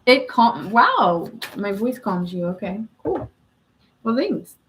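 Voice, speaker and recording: A woman's voice: medium pitch, sing-song, slow pace, a bit bright, a little hiss or hum, low-quality recording. Chatty giggly woman tarot streamer. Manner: chatty and giggly, often answering viewer comments. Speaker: tarot reader hosting a live stream. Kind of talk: casual live-stream chat with tarot reading.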